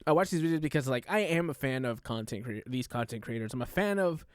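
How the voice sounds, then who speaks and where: A man streaming a reaction, talking casually in a loud, animated showman way. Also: medium pitch, quick pace, clear, resonant tone, no room sound, clean studio sound.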